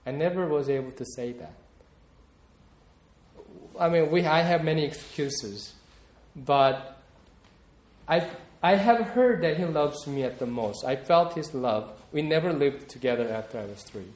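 Slow, reflective male preacher in an echoey room. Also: on the high side, expressive, darkish tone. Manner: reflective, personal, repeats words while searching for them. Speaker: pastor. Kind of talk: sermon.

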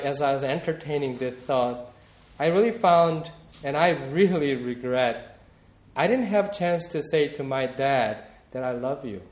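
A male pastor preaches a sermon in a reflective, personal way, often repeating words as he searches for the right ones. His voice is mid-range, and the room is echoey.

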